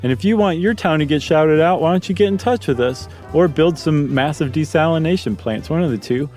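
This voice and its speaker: A man's voice: on the high side, expressive, fairly quick, darkish tone, faint music behind. A man co-hosting a podcast in casual chat, loose and joking, rambling with fillers. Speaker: podcast co-host.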